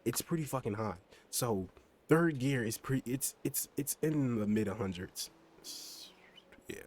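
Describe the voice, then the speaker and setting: Unhurried yet animated, a young man with a mid-range, darkish voice chats casually while streaming a game. He wanders on about his motorbike and car with plenty of fillers and mild swearing, over a slight hiss or hum.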